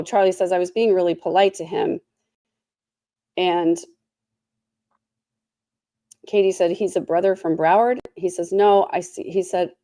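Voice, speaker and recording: A woman recaps a court case in casual commentary, her voice lowish, mellow and dark. She sounds tired, with a sore throat, and drops snarky, sarcastic asides. The sound is close and dry. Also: no room sound. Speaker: trial recap host.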